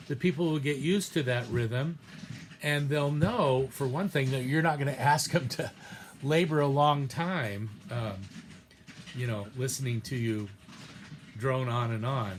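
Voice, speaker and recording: A man of ordinary pitch teaches preaching in an easygoing, rambling lecture. He hesitates often, backs up mid-sentence and sprinkles in fillers. Now and then he reads a short passage aloud from a text. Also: slight background noise. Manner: loose and hesitant, with many fillers and restarts. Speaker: preaching instructor. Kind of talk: casual recorded lecture.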